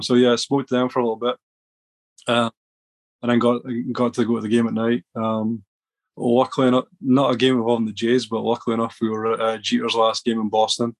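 A man's voice: mid-range voice, monotone, fairly quick. A man from Scotland, a podcast guest telling rambling stories with many restarts. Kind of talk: casual storytelling.

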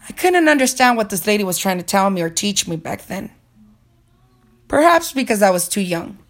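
A woman's voice: medium pitch, sing-song, moderate pace. A woman narrating a personal story in an earnest, reflective way, as a motivational speaker.

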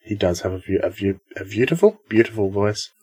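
A man's voice: lowish voice, animated, brisk, darkish tone, slightly rough, no echo. A man hosting a podcast in casual chat, upbeat and chatty, laughing often. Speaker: podcast host.

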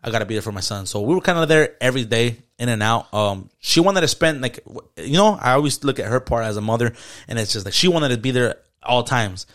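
Man, rapid casual storytelling, lots of swearing, mid pitch. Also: lively intonation, a bit bright. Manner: storytelling with heavy swearing and slang. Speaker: podcast co-host. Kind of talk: casual chat.

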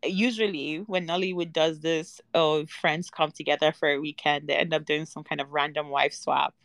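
A woman's voice: deep voice, fairly even intonation, normal speed, creaky, fairly bright tone, no room sound. A woman in a casual film-review chat, talking in a dry, unimpressed way with frequent ums. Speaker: podcast panelist.

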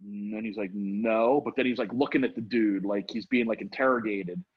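Middle-aged male storyteller, husky, rambling and animated, muffled lo-fi audio. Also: fairly low pitch, fairly quick. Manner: rambling, animated, acts out quotes. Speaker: storyteller guest. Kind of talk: casual storytelling. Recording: dull lo-fi sound.

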